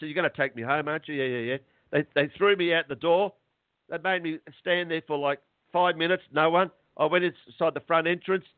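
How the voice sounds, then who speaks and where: A middle-aged man, a guest on a phone interview, talking in an agitated, halting way and repeating words. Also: on the high side, no room sound. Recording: tinny dry phone line.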